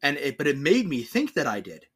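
A man's voice: fairly high pitch, wildly swooping pitch, fairly quick, fairly bright tone, husky. A young man co-hosting a podcast, chatting casually and ranting with plenty of swearing. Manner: profane, ranting. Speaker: podcast co-host. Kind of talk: casual chat.

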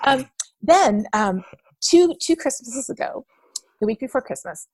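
A woman's voice: high voice, expressive, unhurried, a little mellow, breathy edge, no echo. Enthusiastic woman guest, dry close sound. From Canada. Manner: enthusiastic, storytelling with filler words. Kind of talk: conversational interview answers.

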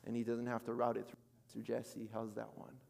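A man in his thirties preaching a sermon as pastor, telling a story with acted-out quotes and swinging between loud and soft. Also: mid-range voice, completely flat delivery, brisk, vocal fry, long reverb tail, a little hiss or hum. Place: church sanctuary.

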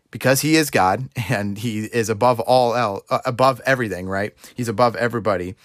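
A man's voice: mid-range voice, fairly bright tone, no room sound, studio quality. A young man preaching an informal sermon in a loose, conversational way, often restarting his sentences. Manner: conversational, rambling, self-correcting, laughs while speaking.

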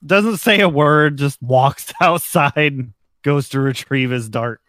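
A man narrating as game master for a tabletop game, relaxed and chuckling, with many pauses and ums. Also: medium pitch, dry recording.

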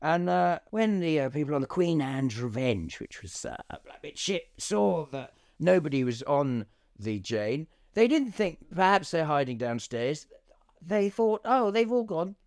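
A man co-hosting a comedy podcast, rambling through improvised chat with deadpan absurd asides and many ums. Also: a little high, a little slow.

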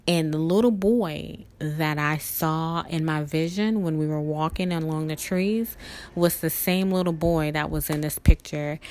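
A woman telling a personal story in an emotional, earnest, halting way. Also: lowish voice. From family roots in Louisiana.

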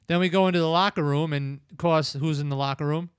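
A man's voice: fairly high pitch, steady tone, quick pace, clean tone, dry recording, clean studio sound. A man casually recapping a film plot in a long, rambling retelling full of filler words. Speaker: film review podcast host.

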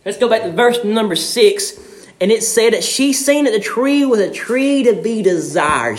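A young man preaching a sermon in a church, fervent, shouting his refrains and swinging his voice from high to low. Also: reverberant. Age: young adult.

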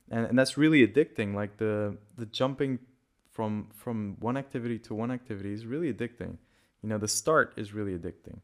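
A man hosting a casual solo podcast, a native Portuguese speaker who is a bit sick with a dry throat, rambling and correcting himself as he goes. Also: lowish voice. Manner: rambling, self-correcting, loose and conversational. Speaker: podcast host.

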